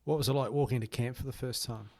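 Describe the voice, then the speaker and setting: Measured male podcast host. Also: mid-range voice, fairly even intonation, dark tone. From Australia. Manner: measured, asking long lead-in questions. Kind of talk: podcast interview.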